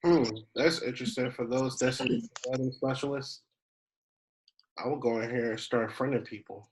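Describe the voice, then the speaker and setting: A man's voice: mid-range voice, steady tone, moderate pace, poor audio. A man working as a travel agent, giving a casual online training, thinking aloud as he clicks through pages. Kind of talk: screen-share training walkthrough.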